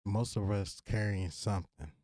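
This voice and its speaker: A man in his thirties with a Virginia accent speaks to his listeners in a solo podcast, casual and full of slang but sincere. His voice sits a little low and sounds warm and mellow. The sound is dry and close, with no room echo. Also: moderate pace. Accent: Virginia, Southern US. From Virginia, USA. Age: 30s. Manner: casual, earnest, slangy, direct address to listeners. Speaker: podcast host.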